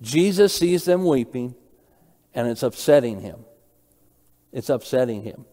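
A man's voice: mid-range voice, expressive, measured pace, mellow. Reverberant preacher, a man questioning his flock. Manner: questions the audience, repeats phrases, reads verses aloud. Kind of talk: interactive Bible study sermon.

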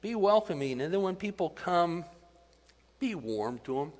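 A middle-aged man preaching in a church hall, his fairly high voice trailing off into a long reverb. He talks to the congregation like friends, mixing asides with rising, animated emphasis. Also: measured pace. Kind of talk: sermon.

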